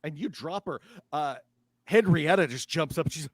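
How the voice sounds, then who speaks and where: A man narrating a tabletop game as game master, laughing often and breaking into shouted character cries. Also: a little high, moderate pace, no room sound, studio quality.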